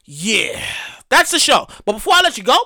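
A woman hosting her own comedy podcast, ranting in a profane and animated way and repeating phrases for comic effect. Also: a little high, normal speed, no echo. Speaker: podcast host. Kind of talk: solo comedic podcast rant.

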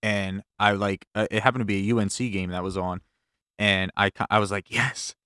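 Low smooth-voiced young man, dry close sound. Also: fairly even intonation, a little fast, pushed and bright, no echo. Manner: laid-back storyteller, laughs easily. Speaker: podcast co-host. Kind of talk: casual chat.

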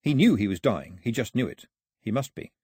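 A man narrating an audiobook with wry, lively storytelling. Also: mid-range voice, a little fast, slightly rough, no room sound, clean studio sound. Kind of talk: scripted narration.

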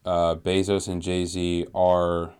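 A young man with a very low, smooth and resonant voice talks football on a casual podcast. He rambles in a laid-back way, leaning on fillers and restarts as he thinks aloud. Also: monotone, slow, a little mellow. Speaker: podcast co-host, Commanders fan. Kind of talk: casual sports podcast chat.

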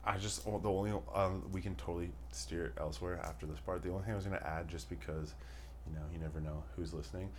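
A man's voice: deep voice, steady tone, quick pace, a little mellow, slight background noise. A young man hosting a podcast, chatting casually with lots of swearing and rambling tangents. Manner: profane, rambling storyteller. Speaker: podcast host. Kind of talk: casual chat.

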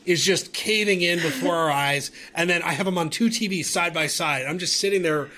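Guy cohosting a sports podcast, bright voice, kinda high, gets worked up fast. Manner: excitable, stammering restarts, animated. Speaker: podcast co-host. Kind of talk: casual sports podcast chat.

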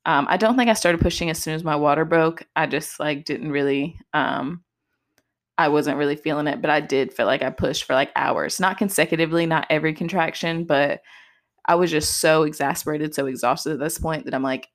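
Low-voiced chatty young woman. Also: brisk. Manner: chatty, heavy use of "like" and "just". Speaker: podcast host. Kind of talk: casual personal storytelling.

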